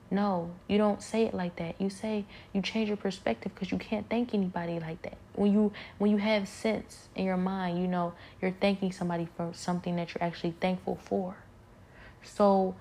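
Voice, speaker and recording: Earnest woman in soft faith reflection. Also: medium pitch, fairly even intonation, a little hiss or hum. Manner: earnest, halting, with soft whispered prayers.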